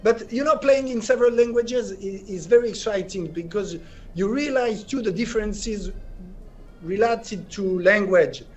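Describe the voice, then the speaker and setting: French man, native French, high voice, hesitant non-native English, lo-fi interview audio. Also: a little hiss or hum. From France. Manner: halting, searching for English words. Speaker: actor, interview guest. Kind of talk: casual interview answers.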